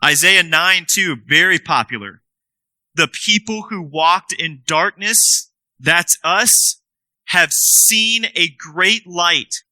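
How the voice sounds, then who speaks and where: A man preaching a sermon, emphatic, slowing right down to stress key words. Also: high voice, pushed and bright, no room sound, poor audio.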